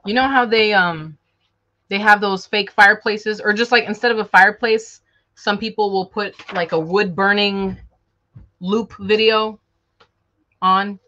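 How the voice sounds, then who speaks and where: A woman's voice: mid-range voice, fairly even intonation, measured pace, bright, forceful tone. A playful woman from Chicago, talking to her live viewers from home in a loose, chatty way, tossing in jokes and asides as she works. Her voice sits in a middling register, and the audio comes through a bit dull and lo-fi. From Chicago, USA. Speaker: sewing vlogger. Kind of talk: casual live-stream chat.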